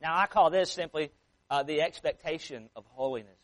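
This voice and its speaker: A man preaching a sermon, reading scripture aloud slowly and with emphasis, then explaining it in a plain conversational way with frequent restarts. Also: fairly high pitch, rough recording. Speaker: pastor.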